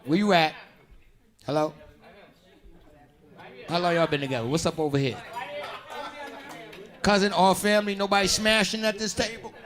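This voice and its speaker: A man doing stand-up comedy, loud and animated, talking with the audience and putting on voices for characters. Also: high voice, normal speed, pauses often, a faint crowd. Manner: talks with the audience, asks them questions. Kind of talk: stand-up crowd work. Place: comedy club stage. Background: audience laughing.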